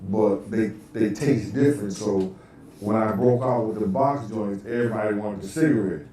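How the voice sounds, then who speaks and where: A middle-aged man casually telling a long personal anecdote, rambling with lots of "you know" and "um", and getting loud when he acts out other people. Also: normal speed, a little hiss or hum. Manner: rambling, loose delivery with frequent "you know" and "um"; gets loud and high when acting out quoted people. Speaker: storyteller recounting personal anecdotes. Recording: roomy echo.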